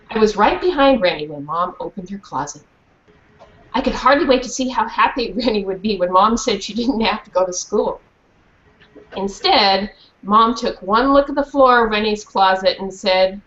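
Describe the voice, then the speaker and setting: A woman with a mid-range voice reads a children's book aloud to students at normal speed, then asks them questions in a lively way. The recording is dull and lo-fi with faint hiss.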